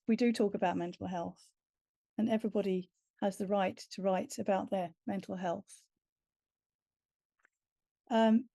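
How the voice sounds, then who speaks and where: A woman's voice: mid-range voice, mellow, dry recording. A woman writer giving an earnest, reflective workshop talk about teaching creative writing.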